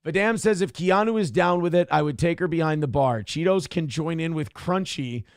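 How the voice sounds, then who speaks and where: A man's voice: a little high, moderate pace, clear, resonant tone, no echo, studio quality. A man hosting a live show, reading out viewer donations in a casual, exasperated way, laughing and swearing as he goes. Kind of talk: casual live-stream talk.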